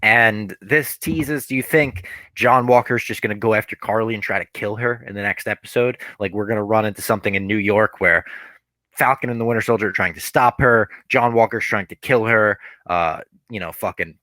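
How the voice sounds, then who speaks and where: A man's voice: on the low side, pushed and bright, no echo. A man co-hosting a casual podcast, laid-back as he recaps the plot, swearing now and then. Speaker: podcast co-host. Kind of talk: casual chat.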